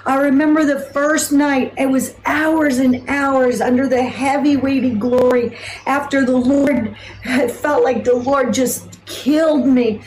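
Slow, high-voiced woman giving testimony. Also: darkish tone, a little hiss or hum, rough recording. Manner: earnest, emphatic storytelling with repeated phrases. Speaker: missionary. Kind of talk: personal testimony.

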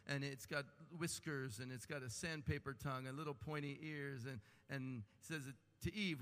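A man's voice: medium pitch, normal speed, hardly any pauses, a bit bright. A man preaching a sermon with impassioned delivery and humorous asides, rising and falling in intensity. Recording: long hall reverb.

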